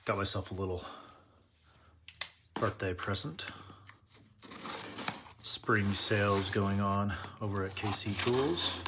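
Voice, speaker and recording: A man's voice: fairly low pitch, fairly even intonation, slow, pauses often, background noise. A man hosting his tool channel, chatting casually and nerdily through an unboxing and correcting himself as he goes. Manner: chatty, nerdy, self-correcting.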